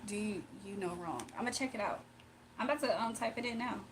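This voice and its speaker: A young woman from Virginia hosting a casual livestream, reading comments aloud, emotional and quick to laugh. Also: medium pitch, a little hiss or hum. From Virginia, USA. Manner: emotional, giggly, talks to chat. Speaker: livestream host.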